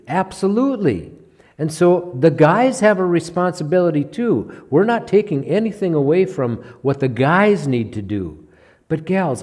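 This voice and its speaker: A man's voice: medium pitch, mellow. A man preaching as a pastor in a church, teaching verse by verse in a conversational way and often checking in with "okay?".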